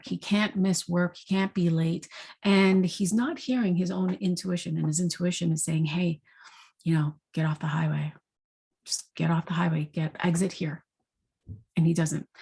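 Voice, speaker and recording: A woman with a husky, slightly breathy voice that sits a little low gives a spiritual talk. She retells a story in an animated way and often adds "you know" and "right?". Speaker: intuitive energy forecaster.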